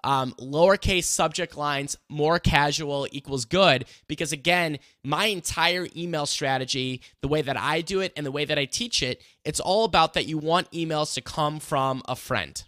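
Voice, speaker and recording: A man's voice: on the high side, normal speed, hardly any pauses, sharp tone, dry recording. A man hosting a casual mini lesson, talking energetically and conversationally with many fillers and rhetorical questions. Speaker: host teaching online marketing.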